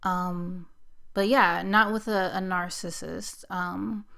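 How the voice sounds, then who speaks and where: Slow, gravelly woman telling her story. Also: fairly low pitch, fairly even intonation, a bit bright. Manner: hesitant, many fillers and restarts. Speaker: vlogger recounting personal experience. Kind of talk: casual personal storytelling.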